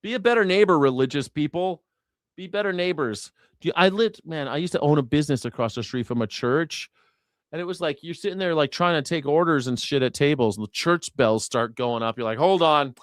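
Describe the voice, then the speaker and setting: A man hosting a live news reaction show, ranting in a loud, profane way and mimicking bells and shouting. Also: on the high side, animated, fairly quick, no room sound, studio quality.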